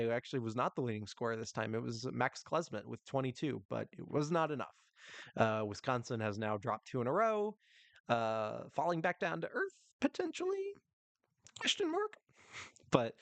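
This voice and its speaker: A man's voice: mid-range voice, no echo. A young man hosting a solo sports podcast, talking casually and rambling, with lots of ums and small laughs. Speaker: podcast host.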